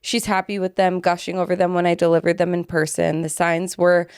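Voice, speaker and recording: A young adult woman co-hosting a podcast, chatting casually and reading listener stories aloud in a relaxed, offhand way. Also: lowish voice, a little fast, clean tone, no echo, clean studio sound. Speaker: podcast co-host.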